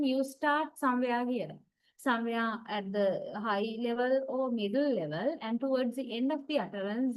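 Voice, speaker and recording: A woman lecturer giving a university lesson, explaining slowly with frequent "right?" checks and pauses. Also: a little high, low-quality recording.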